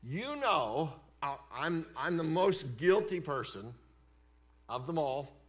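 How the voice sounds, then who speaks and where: A male pastor delivering a sermon in a church sanctuary. He talks slowly and deliberately, his pitch rising and falling in a lively way as he moves between emphatic declarations and quiet, hushed asides.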